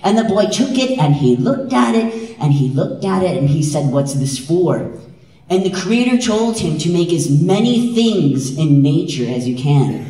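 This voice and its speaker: A man from Wisconsin telling a traditional story on stage at an event, lively and drawing in the crowd with frequent questions. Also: high voice, normal speed, few pauses. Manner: lively, engaging the audience with frequent "right?". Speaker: storyteller and dance presenter. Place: large event hall. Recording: echoey hall, voice from far off.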